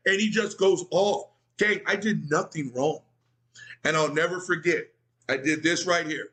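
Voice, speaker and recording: High, bright, foul-mouthed storyteller man. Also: measured pace. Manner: animated, profane, addresses audience as gang. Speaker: streamer telling a story. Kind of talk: profane storytelling.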